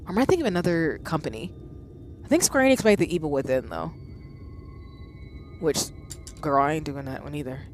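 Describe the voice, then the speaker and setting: A woman in her thirties streaming a game live, reacting with loud exclamations and chatting with her viewers. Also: low voice, lively intonation, a little fast, pauses often, soft background music. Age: 30s.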